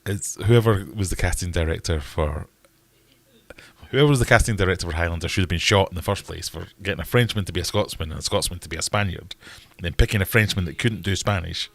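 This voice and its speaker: A man's voice: low voice, fairly bright tone, no room sound. A Scottish man hosting a casual livestream chat, rambling in a jokey, ranting way. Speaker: livestream host.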